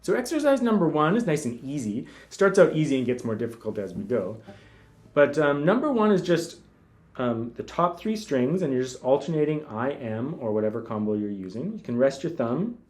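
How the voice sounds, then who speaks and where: A man giving a casual spoken guitar lesson, talking in a relaxed way between demonstrations, with guitar playing heard behind him. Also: medium pitch, moderate pace. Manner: relaxed, talks while demonstrating, counts fingerings aloud. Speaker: guitar teacher. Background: guitar music.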